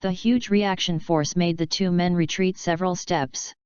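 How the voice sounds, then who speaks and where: A woman narrating an action story in a steady, even storytelling manner. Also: on the low side, moderate pace, smooth, dry recording. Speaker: audiobook narrator. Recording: dry, slightly dull lo-fi sound.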